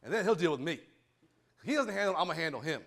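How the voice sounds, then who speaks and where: A fired-up man lectures students in a courtroom, his voice a touch high and swinging widely as he preaches. He stumbles and repeats himself when he gets worked up. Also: quick pace, vocal fry. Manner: fiery, preachy, stutters when excited. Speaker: judge. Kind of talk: animated courtroom talk to students.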